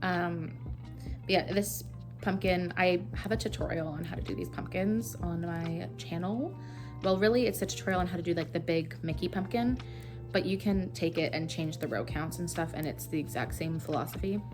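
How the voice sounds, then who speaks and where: Over background music, a young woman from Canada speaks in a lowish voice at normal speed while crocheting for her vlog. Her phone-recorded chat is rambling and casual, packed with fillers.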